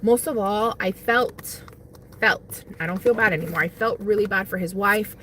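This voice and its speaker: A young woman chats loosely with her viewers while eating lunch, her talk wandering and unhurried. She speaks into a phone, with a faint hum of noise underneath. Her pitch sits in an ordinary middle range. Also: fairly bright tone. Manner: chatty, rambling, eats while talking. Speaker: livestream host. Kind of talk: casual livestream chat while eating lunch. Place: parked car on lunch break.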